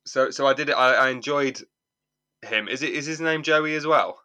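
A man's voice: mid-range voice, moderate pace, pushed and bright. A man, co-hosting a podcast, recapping an episode in rambling, amused casual chat. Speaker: podcast co-host.

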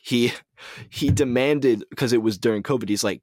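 This podcast co-host passes along movie news in relaxed conversation, hesitating often with plenty of ums and restarts. His mid-range voice is a little mellow and moves at a moderate pace, captured in clean studio sound with no echo.

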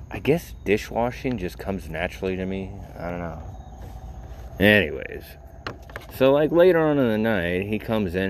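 A man with a very deep, low voice tells a personal story in a loose, rambling way. He fills his talk with "like" and "you know" and drops wry, profane asides. A faint hiss of noise sits under the voice.

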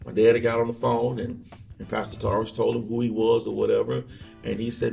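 A man guesting as an evangelist on an interview, with a gravelly, fry-edged voice, telling stories from his life. He sits back from the microphone in an echoey room. Soft music plays faintly underneath. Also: medium pitch, a little fast, recorded from a distance. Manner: relaxed storyteller, acts out quoted voices. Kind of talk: casual interview storytelling.

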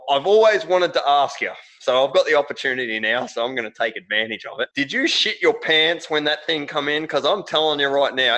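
A man's voice: medium pitch, pushed and bright, rough recording. An Australian man hosting a casual interview, chatty, starting over a lot and saying mate. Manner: chatty, repeats words, says mate. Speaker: podcast host.

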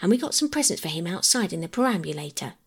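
A woman reading aloud and voicing an earnest, blunt young boy with a raised, husky voice. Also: fairly low pitch, sing-song, fast talker, exaggerated voice. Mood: eager.

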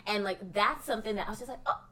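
A woman co-hosting a casual chat, telling a story in a lively way. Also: mid-range voice, racing, distant mic, crowd noise.

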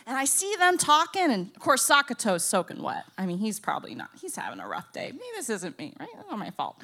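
Animated young woman telling a comic story. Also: a little high, a little fast, hardly any pauses. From Florida. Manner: animated, acts out voices, swings from loud to hushed.

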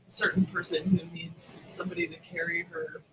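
A woman's voice: fairly low pitch, little pitch movement, a little fast, recorded from a distance, background noise. A woman co-hosting a casual podcast chat, with wry, teasing asides.

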